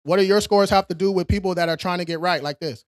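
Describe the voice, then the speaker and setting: Man, somewhat high voice, smooth crisp tone, dry close sound, casual livestream host answering chat. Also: fast talker, no room sound. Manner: casual, streetwise, reads chat questions aloud and answers directly. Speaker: credit repair livestream host. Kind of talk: casual live-stream Q&A.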